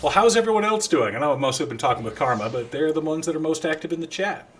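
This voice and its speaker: Bright-voiced chatty male streamer. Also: fairly high pitch, a little hiss or hum. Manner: chatty and animated, quick asides to chat. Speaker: live streamer. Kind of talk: casual live-stream chat while gaming.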